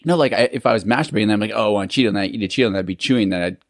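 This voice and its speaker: A man's voice: on the low side, racing, no room sound, studio quality. A young man co-hosting a casual podcast, laughing often and swearing freely. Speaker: podcast co-host.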